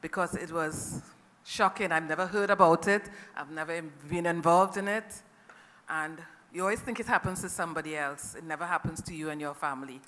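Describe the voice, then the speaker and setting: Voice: mid-range voice, fairly even intonation, fairly quick, fairly bright tone. Middle-aged trinidadian caregiver talking to a conference crowd, emotional and earnest, long hall reverb on it. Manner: earnest and emotional, often checks in with the audience. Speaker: family caregiver speaking at a conference. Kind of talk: personal testimony to an audience.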